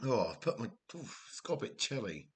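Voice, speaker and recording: A man's voice: fairly low pitch, very animated, fairly quick, breathy edge. A man with a Welsh accent hosting a live game stream, chatting casually, laughing often and telling rambling family stories. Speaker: livestream host. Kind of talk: casual livestream chat.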